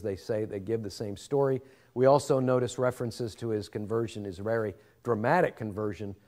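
Guy teaching a bible class, earnest and reverent, mid pitch voice, works out his points as he goes. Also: darkish tone. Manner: earnest, reverent, thinking aloud. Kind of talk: Bible lesson lecture.

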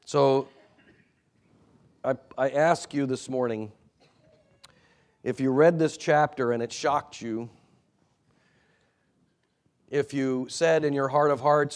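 A male pastor delivering a sermon in an earnest, admonishing way, swinging between emphatic peaks and quiet low asides. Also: slow, long pauses.

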